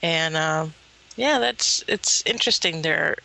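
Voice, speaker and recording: Female co-host, bright, sharp-toned voice, hesitant and chatty delivery. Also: low voice, slow, vocal fry, low-quality recording. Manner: hesitant, many fillers, chatty. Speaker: podcast co-host. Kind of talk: casual chat.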